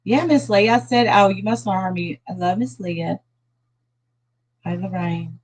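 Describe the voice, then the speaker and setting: A middle-aged woman chats casually on a phone livestream, greeting viewers by name. Her voice sounds tired and sad, with a subdued, sighing delivery. She rambles loosely and restarts her sentences, at a middle pitch. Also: steady tone, unhurried, a little mellow, slight background noise, rough recording. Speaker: livestream host.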